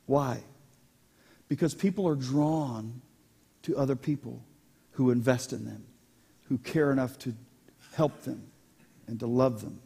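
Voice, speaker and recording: A pastor preaching a sermon, animated and joking with his congregation. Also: medium pitch, unhurried, gravelly, pauses often, husky. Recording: long hall reverb.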